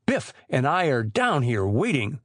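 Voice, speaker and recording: A man's voice: mid-range voice, very animated, a little slow, no echo, clean studio sound. A man reading aloud, voicing an impatient teenage boy who calls out to his friends. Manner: shouting, impatient.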